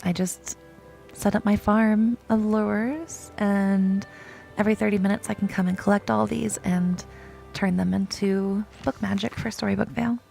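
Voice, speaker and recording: A young woman streaming a video game, chatting to her viewers in an excitable, dramatic way, gushing over cute items and groaning at losing them. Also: medium pitch, moderate pace, creaky, soft background music. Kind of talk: casual gameplay chat to viewers.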